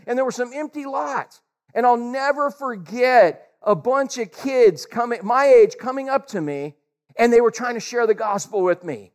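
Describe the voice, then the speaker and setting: A man's voice: very high-pitched, normal speed. A male pastor giving a casual, jokey sermon and calling out to people in the congregation by name. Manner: animated, jokey, addresses the congregation directly.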